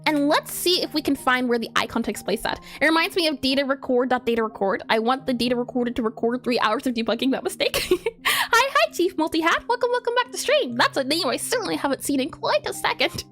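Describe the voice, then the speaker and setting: A woman's voice: sits high, sing-song, fairly quick, a bit bright, faint music behind. A woman game developer on a casual live coding stream, giggling often and explaining her steps as she thinks aloud.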